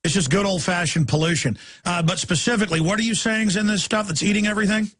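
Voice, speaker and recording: A man hosting a talk radio show who rants in a heated, rapid-fire way with a gravelly, raspy voice. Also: high voice, a bit bright. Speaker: radio host.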